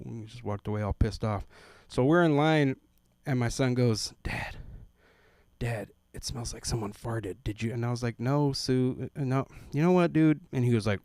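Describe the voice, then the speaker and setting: A man's voice: medium pitch, fairly quick, darkish tone, no room sound. A man in his thirties doing a stand-up set at an open mic, telling family stories and briefly putting on voices for the people in them. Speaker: stand-up comedian.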